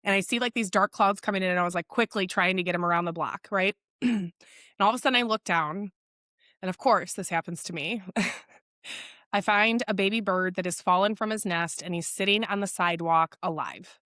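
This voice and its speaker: A woman's voice: mid-range voice, brisk, bright, forceful tone, no room sound, clean studio sound. A woman hosting a solo podcast, talking bluntly and candidly, swearing freely and telling stories. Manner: blunt, frequent swearing, storytelling; quotes others in acted voices. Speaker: podcast host.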